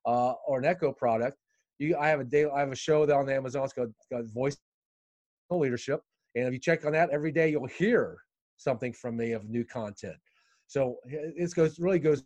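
A man's voice: mid-range voice, a little mellow, dry recording. A man speaking as a podcast guest, earnest, often repeating and restarting his words. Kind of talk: conversational interview.

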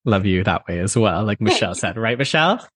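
Low-voiced man, expressive voice teacher. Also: quick pace, slightly rough. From Canada. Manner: thoughtful, expressive, many fillers. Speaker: voice teacher, podcast guest. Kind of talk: conversational interview.

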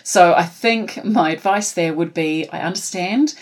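A woman's voice: lowish voice, unhurried. A woman with a New Zealand accent, a teacher answering podcast questions in a careful, explanatory way with frequent ums. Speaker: phonics intervention teacher, guest.

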